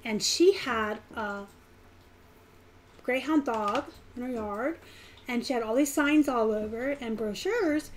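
A woman hosting a casual live stream, talking in a chatty, animated way with bursts of fast talk. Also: a little high, a little hiss or hum. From Pittsburgh area, US. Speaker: live stream host, reseller.

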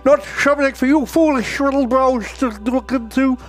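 A man's voice: very high voice, fairly even intonation, normal speed, soft background music. A man doing a comic impression of a smug, boastful male detective who talks in a grand, pompous way.

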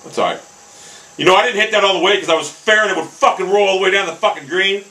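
A young man commentating his own golf video game, hot-tempered and swearing constantly, often bursting into angry shouts. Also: high voice, quick pace, slight background noise, poor audio. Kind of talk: live gameplay commentary.

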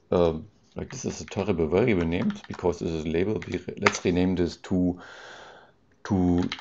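A man with a deep, gravelly, mellow voice talks through code on a casual live stream, hesitating often and restarting his sentences. The audio is dull and lo-fi. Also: a little hiss or hum. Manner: thinks aloud, hesitant, with many ums and restarts; reads out and answers chat questions with amusement.

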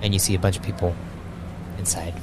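A man narrating a tabletop game as game master, halting with many restarts. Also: deep voice, little pitch movement, noisy background.

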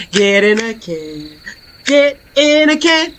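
A woman streaming a horror game, commenting in a playful, slangy, trash-talking way and breaking into excited shouts. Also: high voice, unhurried, a little hiss or hum. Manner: excitable, bursts into laughing shouts. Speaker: gaming streamer. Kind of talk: let's play commentary.

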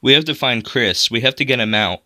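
A man's voice: mid-range voice, animated, a little fast, bright, forceful tone, no room sound, clean studio sound. A man doing an urgent girl's voice. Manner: urgent, muffled. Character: girl friend in vampire fangs, urging.

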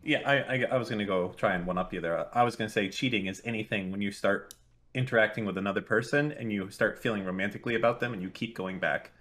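A man's voice: lowish voice, fast, a bit bright. A middle-aged man in heated stream banter, swearing and making mock threats. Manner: profane, mock-threatening, blustering. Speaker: stream guest and panelist.

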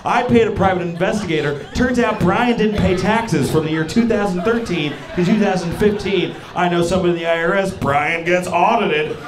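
A man doing a stand-up set on a club stage, self-mocking and quick, slipping into acted-out voices. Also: high-pitched, crowd noise. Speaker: stand-up comedian. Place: comedy club stage before a laughing crowd. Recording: echoey club with audience noise.

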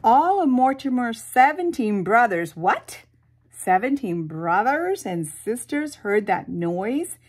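A woman reading a picture book aloud to children, animated, with sound effects and soft whispered asides. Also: on the high side, slow. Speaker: storyteller.

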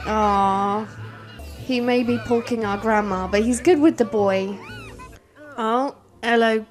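Cheeky British woman narrating gameplay. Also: a little high. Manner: cheeky, sweary, teasing. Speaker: gameplay commentator. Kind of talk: casual let's-play commentary.

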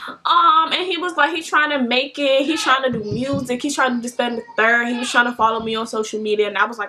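Young woman, high bright voice, animated storytime vlogger. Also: fast talker. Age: young adult. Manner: animated, swearing, mimics voices. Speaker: beauty vlogger.

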